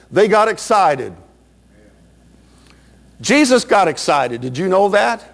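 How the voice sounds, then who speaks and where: A man's voice: sits high, sing-song, a little slow, gravelly, long pauses, a bit bright. A man preaching a Baptist sermon with a fervent, rising and falling cadence.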